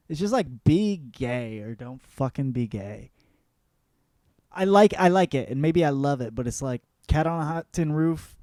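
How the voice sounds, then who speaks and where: A man hosting his own comedy podcast, talking in a profane, rambling monologue that swings between mumbled asides and loud rants. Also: mid-range voice, no echo, clean studio sound.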